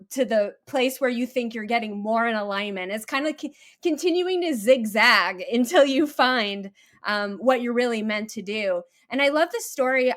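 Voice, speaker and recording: A woman's voice: on the high side, a bit bright. A woman hosting a podcast, enthusiastically summing up her guest's story in a reflective way. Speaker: podcast host. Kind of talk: conversational interview.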